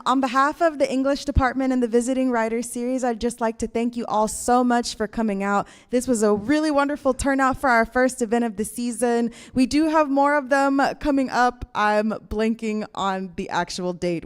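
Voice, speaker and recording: A woman's voice: fairly high pitch, clear, resonant tone. A woman giving informal, slightly scattered closing remarks to an audience in a university theater. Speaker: event organizer.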